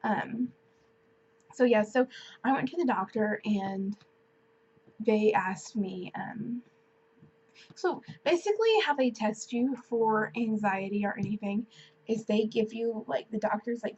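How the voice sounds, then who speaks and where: A woman's voice: medium pitch, normal speed, a little mellow, lo-fi sound, a little hiss or hum. A woman in her twenties telling a personal story to camera in a chatty, casual way, full of fillers like "like" and "um". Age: 20s. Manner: chatty, filler-heavy, many "like"s and "um"s. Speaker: vlogger.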